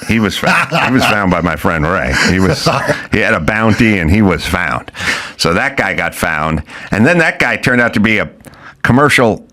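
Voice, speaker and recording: A man's voice: fairly low pitch, animated, moderate pace, bright, forceful tone. A middle-aged man telling a rowdy story in casual chat, acting out quotes, swearing and laughing. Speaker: podcast host.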